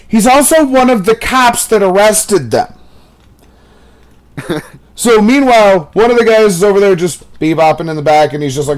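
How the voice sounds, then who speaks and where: A young man chats casually over gameplay, retelling a movie in an animated, profane style. His voice sits a little high for a man. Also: normal speed. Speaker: gaming commentator. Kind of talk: casual gaming chat.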